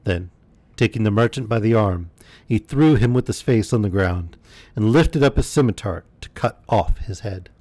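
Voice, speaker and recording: A man reading a bedtime story aloud in a calm, measured way. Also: fairly low pitch, no room sound. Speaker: storyteller streamer.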